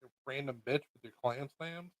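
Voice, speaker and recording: A man chatting casually about his cats, animated, profane and teasing. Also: mid-range voice, moderate pace, no echo, low-quality recording. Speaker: pet owner. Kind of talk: casual chat on camera.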